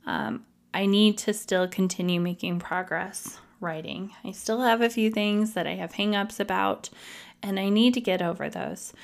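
A woman hosting a podcast, telling her own story in a candid, emotional, confessional way. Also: lowish voice. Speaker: podcast host.

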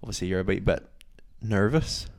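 A man's voice: low voice, a little fast. A young man, co-hosting a podcast in casual, rambling chat full of "like". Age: young adult. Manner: rambling, heavy use of "like". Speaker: podcast co-host.

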